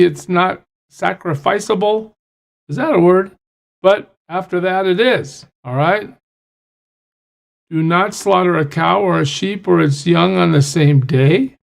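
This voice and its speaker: A pastor reads scripture aloud and stops often to explain it in a plain, conversational way. His voice sits high for a man and has a gravelly edge. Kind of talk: Bible study teaching.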